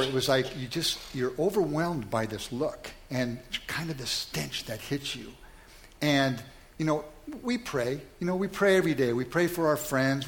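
A man speaking in a candid, self-deprecating and reflective way, telling a personal story in conversation. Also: medium pitch.

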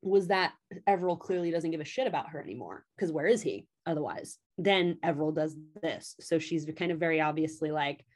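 A woman's voice: on the low side, animated, a little fast, a little mellow. A woman in casual chat, animatedly retelling a story's plot and swearing freely as she quotes the characters. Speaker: podcast co-host recapping a story.

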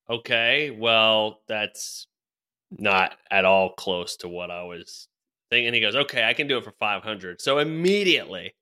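Young guy chatting on a podcast, loose and rambly, bright voice. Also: medium pitch, clean tone. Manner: rambling, laughing storyteller with lots of fillers and restarts. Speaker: podcast co-host telling a story. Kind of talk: casual chat.

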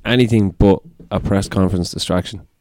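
A man's voice: sits low, fairly even intonation, a little fast, darkish tone, a little hiss or hum. A man co-hosting a sports podcast, questioning and argumentative in casual chat. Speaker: podcast co-host.

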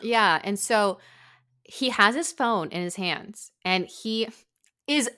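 A woman's voice: slow, clear, resonant tone. A young woman host in casual chat, telling a story and acting out quotes with big jumps in her voice. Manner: animated, acts out quotes with big pitch jumps.

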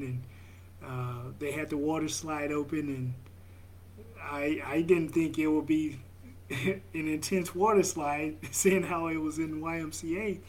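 A young father talking slowly and reflectively, with halting restarts and soft laughs. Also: a little high, slight background noise. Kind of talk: reflective vlog monologue.

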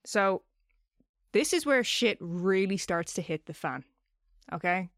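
A woman's voice: medium pitch, lively intonation, slow pace, a bit bright, no echo, studio quality. A woman co-hosting a podcast, telling a story in a loose, chatty way and swearing casually. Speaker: podcast co-host.

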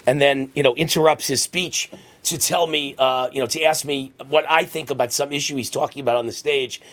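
A middle-aged man hosting a radio and TV talk show, boastfully telling stories and acting out shouts in a husky voice. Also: steady tone, fairly quick. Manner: boastful storytelling, acts out shouting with rising pitch. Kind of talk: conservative talk radio monologue.

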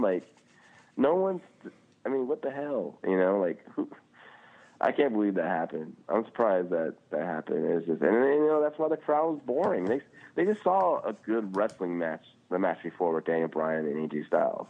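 A man's voice: sits low, normal speed, gravelly. A man co-hosting a podcast, ranting casually and swearing often, with lots of "like" fillers. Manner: animated, swearing, frequent "like" fillers. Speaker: podcast co-host. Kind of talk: casual chat. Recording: tinny phone-like line.

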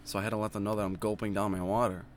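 Young guy hosting a chill podcast, lowish voice, bit of hiss behind him. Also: flat delivery, rapid-fire. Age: young adult. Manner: joking, playful. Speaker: podcast host. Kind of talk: casual podcast chat.

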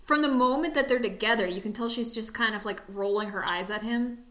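A woman chatting casually about a movie, talking fast and acting out the people she quotes in put-on voices. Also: fairly high pitch, pushed and bright, roomy sound.

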